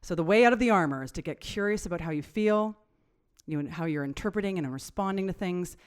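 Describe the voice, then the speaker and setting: A woman co-hosting a casual podcast, walking through research points and affirming her partner with quick yeps. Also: on the low side, animated. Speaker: podcast co-host.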